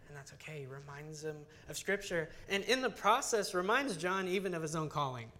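An earnest young adult teaching scripture in a relaxed, conversational sermon. The voice sits mid-pitch and comes across chatty, often circling back with restarts and casual fillers as the points build. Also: moderate pace, hardly any pauses. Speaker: Bible teacher.

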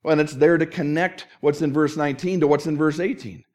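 A middle-aged man preaches a sermon, his voice sitting a little high for a man. He tells stories with energy and slips into the voices of the people in them. It is a pastor's delivery, built for a congregation. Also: a little fast. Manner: animated storytelling with acted-out quotes.

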